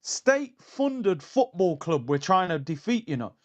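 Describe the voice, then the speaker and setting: Excitable slangy fan host. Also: male voice, high-pitched, lo-fi sound. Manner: excitable and slangy, fast shifts between calm and fired-up. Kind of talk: live-stream chat reading viewer messages.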